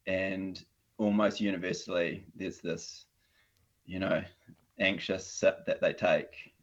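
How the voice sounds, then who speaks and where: Man, New Zealand accent, very deep voice, relaxed, lots of fillers, dull lo-fi call audio. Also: slow pace. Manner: relaxed, hesitant, many fillers and restarts. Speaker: guest. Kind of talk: casual conversation.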